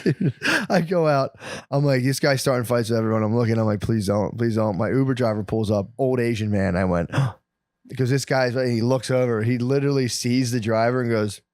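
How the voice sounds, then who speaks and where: A man's voice: medium pitch, brisk, darkish tone, no echo. Profane storytelling man, dry podcast sound. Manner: rambling, profane, acts out quoted lines. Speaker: podcast co-host. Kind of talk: casual storytelling chat.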